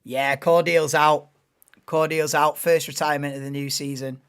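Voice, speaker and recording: A man's voice: a little high, level tone, normal speed, fairly bright tone, clear, resonant tone. A man doing casual live race commentary on a stream, chatting and thinking aloud between calls of the action.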